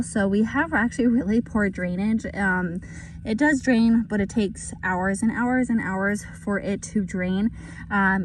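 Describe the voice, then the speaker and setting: A woman, chatting casually and excitably with lots of ums while she does a backyard gardening how-to. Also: medium pitch. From Texas. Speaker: gardening vlogger. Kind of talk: casual outdoor how-to vlog. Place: outdoors in a backyard. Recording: outdoor noise behind the voice.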